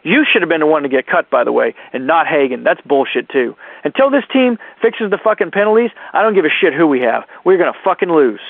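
A man's voice: on the high side, sing-song, fast talker, creaky, no echo. A man phoning in a furious rant, heavy with profanity and insults. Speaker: caller. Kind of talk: angry voicemail rant. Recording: dry tinny phone line.

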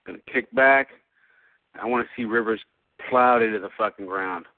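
A low-voiced man rants, swears and grumbles through a heated fan voicemail. His voice comes over a thin, tinny phone line with a dry, close sound. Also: moderate pace, no echo. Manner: profane, heated ranting. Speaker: fan caller.

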